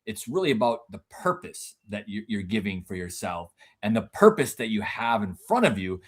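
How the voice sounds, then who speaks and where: A man co-hosting a podcast in casual conversation, animated, with his voice leaping up high whenever he acts out what someone else said. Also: normal speed, breathy edge. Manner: animated, jumps high when quoting others; frequent restarts and repeated words.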